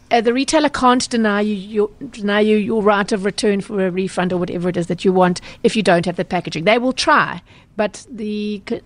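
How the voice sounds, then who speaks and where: A woman with a South African accent, a consumer journalist answering questions on a radio talk show in a brisk, explanatory way with frequent ums and self-corrections. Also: medium pitch.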